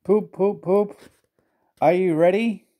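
A man's voice: mid-range voice, moderate pace, mellow, natural voice. A man doing a pompous big engine. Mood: grand. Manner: grand and gruff. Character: big proud male express engine, pompous.

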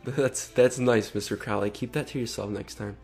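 A man's voice: on the low side, steady tone, normal speed, vocal fry, over music. A man vlogging in casual commentary, sarcastic, mocking and exasperated.

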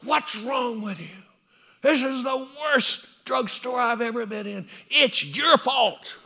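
A man's voice: very high-pitched, slow, bright, forceful tone, pitched above the performer's own voice, exaggerated voice. A man acting out an angry, impatient male customer who berates the store staff. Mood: furious. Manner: furious, berating.

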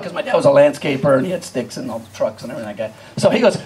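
A man doing live stand-up storytelling, animated, laughing often and acting out scenes while quizzing the crowd. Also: fairly high pitch, fairly quick, long pauses, rough recording. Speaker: stand-up comedian.

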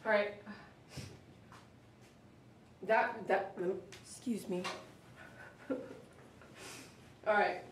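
A woman's voice: fairly even intonation, extremely slow, long pauses. A woman chatting emotionally with viewers during a live stream while she grooms a dog in her shop. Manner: emotional, chatty, talks to dogs in a high coaxing voice. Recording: echoey room, mic at a distance, faint noise.

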